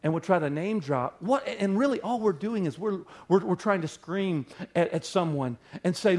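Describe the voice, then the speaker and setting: Male pastor, high voice, dynamic sermon delivery with loud peaks and hushed drops. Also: expressive, moderate pace, hardly any pauses. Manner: preaching with big swings between loud emphatic bursts and quiet low passages.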